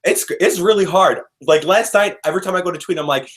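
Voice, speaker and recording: A man's voice: a little high, quick pace, a bit bright. A male co-host ranting in casual chat and swearing heavily.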